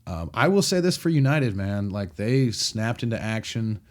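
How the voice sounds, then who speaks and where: Man, 30s, podcast guest; low-ish voice, animated storyteller acting out quotes. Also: moderate pace. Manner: animated, acts out quotes with restarts. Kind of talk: casual storytelling chat.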